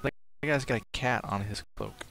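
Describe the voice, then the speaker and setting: A man's voice: mid-range voice, a little fast, a bit bright, faint music behind. A man streaming a game live, chatting casually, thinking aloud and reading out viewers' comments. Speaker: livestream gamer.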